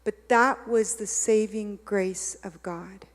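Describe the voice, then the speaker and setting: A woman's voice: medium pitch, fairly even intonation, slow. Woman preaching in a reverberant hall. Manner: confessional, swinging from hushed to loud and preachy. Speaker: guest speaker. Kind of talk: sermon. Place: church hall.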